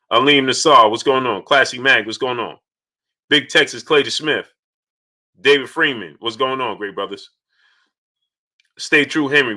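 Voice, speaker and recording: Bright, animated man hosting a stream. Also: mid-range voice. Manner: animated, repeats phrases, shouts out viewers. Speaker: live stream host. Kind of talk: casual live-stream chat reading super chats.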